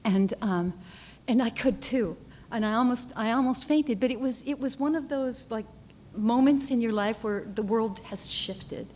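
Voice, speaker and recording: A woman painter tells a story at a panel talk, her voice mellow and soft-edged. She talks haltingly and earnestly, often restarting and repeating words. A light hiss sits under the lecture-hall recording. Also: a little high. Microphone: handheld or podium mic, often off it.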